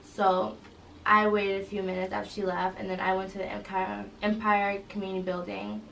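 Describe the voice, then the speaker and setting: A young woman, a college student, recounting an incident in an interview, halting and full of fillers. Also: mid-range voice, flat delivery, creaky, fairly bright tone. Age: young adult. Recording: roomy echo, distant mic, faint noise.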